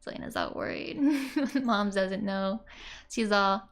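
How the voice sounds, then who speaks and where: Laughing frequently, a woman chats her way through a language lesson narrated over the screen. She speaks slowly, and her medium-pitched voice is gravelly yet a bit bright.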